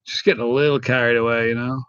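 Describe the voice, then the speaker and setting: A man's voice: medium pitch, fairly even intonation, quick pace, fairly bright tone, smooth, no echo, highs cut off. A middle-aged man hosting a casual live stream, chatting and rambling as he greets viewers by name. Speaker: channel host reading live chat.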